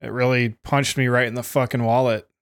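A man's voice: mid-range voice, little pitch movement, fairly quick, slight background noise. A young American man hosting a podcast, trading joking, profane banter with his co-hosts. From United States. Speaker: podcast host. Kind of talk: casual chat.

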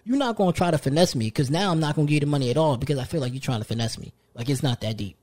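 A man's voice: fairly high pitch, very fast, darkish tone. A young man co-hosting a casual podcast, telling brash stories and acting out the people in them with a raised voice. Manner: brash storytelling, acts out quoted people in raised voice. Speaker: podcast co-host.

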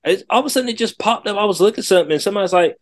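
A man's voice: high voice, expressive, racing. A man co-hosting a casual chat podcast, rambling with many restarts and slangy phrasing. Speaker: podcast co-host.

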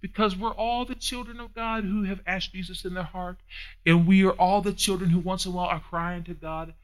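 A man preaching a sermon as pastor, with a folksy manner, swinging from loud high peaks down to soft hushed asides. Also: steady tone, fairly quick. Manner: folksy, uses down-home phrasing.

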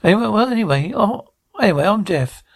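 A man's voice: sits high, lively intonation, brisk. An actor playing an easygoing male builder with a laid-back, rambling, cheeky way of talking. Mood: breezy. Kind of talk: TV drama acting.

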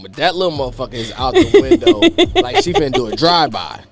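Gravelly high-voiced man telling a wild story. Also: fast talker, music in the background. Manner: animated, profane storytelling, acting out other people's voices. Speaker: podcast co-host. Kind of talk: storytelling on a podcast.

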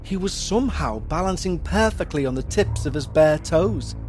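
A man narrating a paranormal horror story in a steady, measured way. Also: a little high. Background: faint music.

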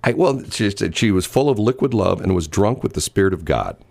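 Low-voiced guy doing morning radio banter, rambles and restarts a lot, dry studio mic. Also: animated, fairly quick, vocal fry, darkish tone, no echo. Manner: rambling, with many restarts and fillers. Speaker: radio morning show host. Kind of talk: casual on-air banter.

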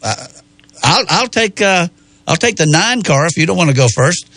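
An easygoing man with a slightly higher voice, hosting a relaxed racing chat and pausing often with small fillers. His voice sounds close and dry, with no room around it. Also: no echo. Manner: easygoing, halting, leads the picks. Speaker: host. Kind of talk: casual chat about racing picks.

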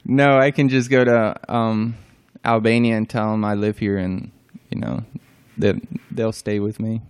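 Hesitant young man, smooth voice. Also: fairly low pitch, level tone. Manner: hesitant, many pauses and fillers, brief replies. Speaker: interview guest. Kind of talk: casual interview answers.

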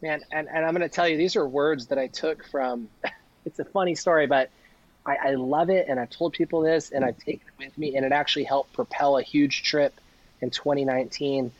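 A man's voice: on the high side, fairly quick, no room sound, dull audio. A man, a podcast guest, telling stories casually and animatedly, acting out the lines people said to him. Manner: animated, acts out quoted dialogue. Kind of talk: casual storytelling.

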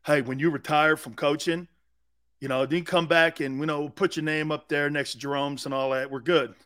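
An American man hosts a sports radio show, delivering a loud, comic sports-talk rant and bursting into impressions of angry fans. His voice is a little high and his speed is normal, with an animated manner throughout.

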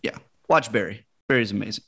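A man's voice: fairly low pitch, a little fast, vocal fry, sharp tone, slightly rough. A man co-hosting a casual podcast chat, joking and telling anecdotes. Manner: joking storyteller with laughs and backchannels. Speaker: podcast co-host.

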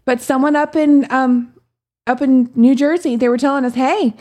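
A high-voiced woman co-hosts a podcast. She chats casually and giggles often. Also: steady tone, normal speed, mellow. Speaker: podcast co-host. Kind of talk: casual chat.

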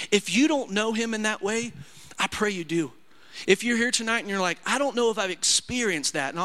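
Bright-voiced earnest male preacher. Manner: emotional, earnest preaching with rising pitch on quotes. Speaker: pastor. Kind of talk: sermon. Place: church sanctuary.

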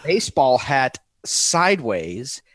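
A man's voice: medium pitch, very animated, slow pace, fairly bright tone, no room sound. Joking man, casual podcast co-host. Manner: joking, teasing, laughs often. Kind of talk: casual chat.

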